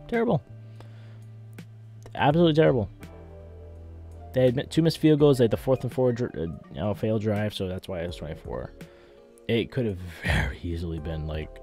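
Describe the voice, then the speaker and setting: A man's voice: medium pitch, dark tone. A young man ranting as a frustrated sports fan, swearing a lot and sounding exasperated. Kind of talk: angry fan rant.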